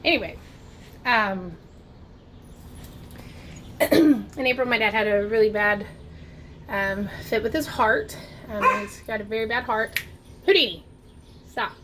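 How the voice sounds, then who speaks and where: Chatty, slightly high-voiced woman. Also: a little slow, noisy background. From Ohio, USA. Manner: chatty, lots of "like" and "oh my gosh". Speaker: vlogger. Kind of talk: casual storytelling to camera. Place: home, dogs nearby. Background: barking dogs.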